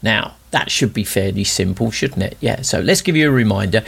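A man's voice: on the low side, expressive, fairly quick, gravelly, hardly any pauses, a bit bright, slightly rough. A man hosting a lyric quiz on the radio from a soundproofed studio, chatty, jokey and self-mocking. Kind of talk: casual radio chat.

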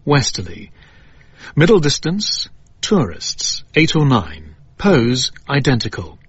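A man playing a solemn radio forecaster, reading in a clipped, deadpan way for a parody forecast. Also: medium pitch, slightly rough, no echo, muffled recording, heavily acted.

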